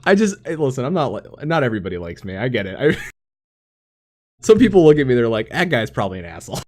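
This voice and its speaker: Laughing, animated male podcast host. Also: medium pitch, a little fast. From Florida. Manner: animated storyteller, laughs often. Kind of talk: casual chat.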